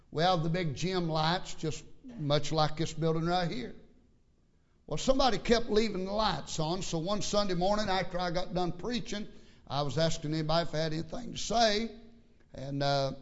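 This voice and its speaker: A man's voice: on the high side, highs cut off. A man pastor telling a story in a sermon, folksy and repetitive with stammering restarts. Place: church.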